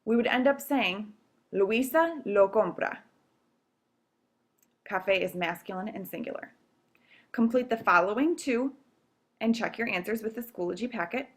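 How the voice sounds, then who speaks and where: A Spanish teacher explains grammar rules step by step in a recorded video lesson, patiently checking in with "okay?" often. She has a medium-pitched voice, speaks at normal speed, and takes long pauses.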